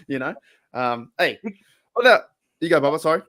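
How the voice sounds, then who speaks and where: A man's voice: a little high, very animated, a little fast, pushed and bright, no echo. Australian male host, loose and chatty, stumbles into his points, dry close mic. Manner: loose, rambling, frequent restarts. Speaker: podcast host. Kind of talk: casual chat.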